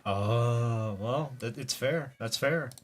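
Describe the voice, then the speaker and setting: A man streaming and chatting casually with friends, laid-back and quick to laugh. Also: medium pitch. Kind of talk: casual chat.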